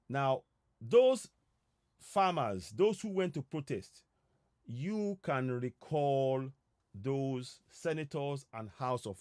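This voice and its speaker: A man with a Nigerian accent giving an earnest civic talk on a live stream, emphatic and pausing often with fillers. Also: mid-range voice, darkish tone, no echo, studio quality. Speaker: civic educator. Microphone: streaming setup.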